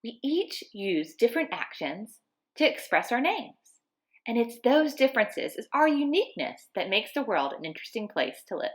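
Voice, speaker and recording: A woman giving upbeat instructions to children in a bright, encouraging manner. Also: fairly high pitch, big pitch swings, normal speed. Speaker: kids class narrator.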